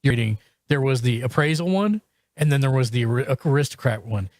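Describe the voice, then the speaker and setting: Halting man on a dry mic. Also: mid-range voice, lively intonation, a little mellow, no echo. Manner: halting, full of restarts and fillers. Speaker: podcast host. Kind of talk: casual chat reviewing shows.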